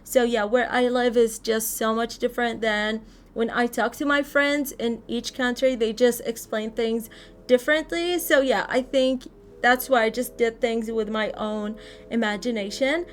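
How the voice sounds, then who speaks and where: A woman's voice: a little high, steady tone, unhurried, a little hiss or hum. A woman giving a casual, chatty voice-over tour of a game build, sometimes searching for words and laughing lightly. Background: faint background music.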